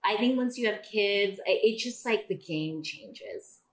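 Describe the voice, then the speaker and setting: A woman guest on a podcast telling a story in casual chat, jumping into a higher voice to act out what people said. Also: measured pace, roomy sound. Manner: animated, acts out quoted dialogue in a raised voice.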